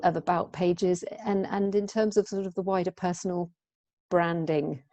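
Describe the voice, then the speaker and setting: A woman's voice: fairly low pitch, steady tone, moderate pace, mellow, no room sound. A woman hosting a casual interview over a video call, chatty and rambling with many restarts.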